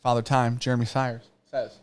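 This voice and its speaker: A man's voice: medium pitch, level tone, normal speed, clean tone. A man hosting a casual live whiskey-tasting stream, joking, swearing and reading viewer comments aloud. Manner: profane, joking, reads chat comments aloud. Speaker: show host.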